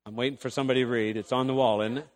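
A man preaching a sermon to a congregation. He calls out to them and rises loud and high for emphasis. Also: fairly even intonation, racing, big-room sound. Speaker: pastor. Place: church.

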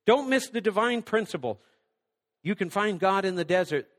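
A middle-aged male pastor preaching a sermon, swinging between loud emphatic lines and hushed near-whispers. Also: sits high, animated, moderate pace. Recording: long hall reverb.

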